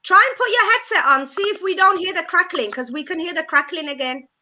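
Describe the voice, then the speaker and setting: A woman's voice: very high-pitched, expressive, brisk, sharp tone, highs cut off. A woman hosting a casual group chat about a reality show over a video call, emphatic and playfully sassy as she defends her views. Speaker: host of a reality-show discussion. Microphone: video call mic.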